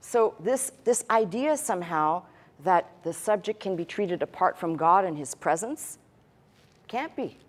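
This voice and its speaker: A woman pastor delivers a teaching sermon in a lowish voice. She talks conversationally, slipping in dry, humorous asides, and demonstrates her points with a pen on a tablet. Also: lively intonation, a little slow.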